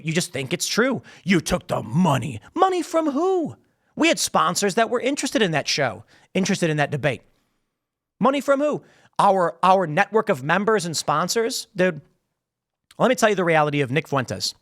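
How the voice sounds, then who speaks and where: A podcast host tears into his critics in a ranting monologue, and his high voice leaps up and down as he mocks and repeats himself for emphasis. He speaks straight into a studio microphone. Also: a bit bright. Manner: emphatic and mocking, repeats phrases for effect.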